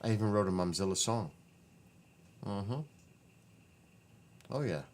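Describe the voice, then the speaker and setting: A tired man, rambling casually to his livestream viewers from his living room. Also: fairly low pitch. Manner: rambling, self-correcting, talks to chat. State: tired, voice wearing out. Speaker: livestream host chatting with viewers.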